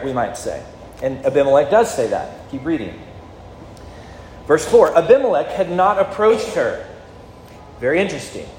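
A man's voice: high voice, darkish tone, slight background noise. A man, a pastor, preaching a sermon in a conversational way and asking his listeners questions. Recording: echoey hall with faint ambience.

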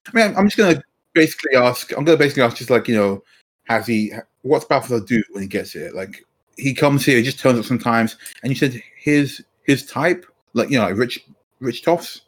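A man's voice: medium pitch, expressive, fairly quick. A man playing a tabletop game, chatting and joking at the table. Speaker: player. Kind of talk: casual tabletop game play.

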